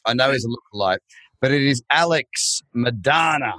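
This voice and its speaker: A man's voice: medium pitch, animated, moderate pace, pushed and bright, no echo, studio quality. A man hosting a crypto podcast, playful and teasing as he introduces his guest. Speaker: podcast host. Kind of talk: joking interview intro.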